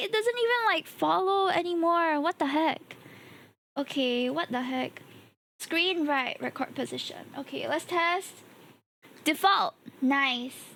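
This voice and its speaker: A woman's voice: high-pitched, animated, measured pace, fairly bright tone. A young woman with a Singaporean English accent, chatting casually on her live stream as a VTuber, exclaiming often and laughing easily, a bit tired today.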